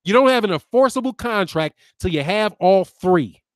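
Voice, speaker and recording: A boxing-channel host and lawyer in his fifties delivers ranting commentary aimed at viewers, full of sarcastic jabs and insults. He speaks at normal speed with a high voice and lively intonation, in clean studio sound with no room tone.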